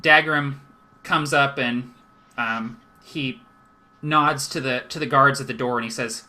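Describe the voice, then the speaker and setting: A man's voice: medium pitch, fairly even intonation, unhurried, pushed and bright. A man acting as game master, casually narrating and voicing side characters.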